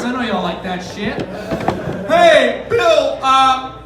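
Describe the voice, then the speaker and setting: A man's voice: very high voice, big pitch swings, slow pace, background noise. A man in his twenties performing a loose, rambling, profane stand-up set on a bar stage. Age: 20s. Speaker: stand-up comedian. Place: bar stage before a live audience. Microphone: camera far from the stage. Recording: roomy, distant bar recording with crowd.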